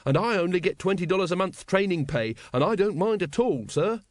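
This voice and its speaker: A man's voice: sits high, expressive, a little fast, dry recording, pitched above the performer's own voice. A man voicing an earnest, naive young male guard recruit who speaks dutifully and literally.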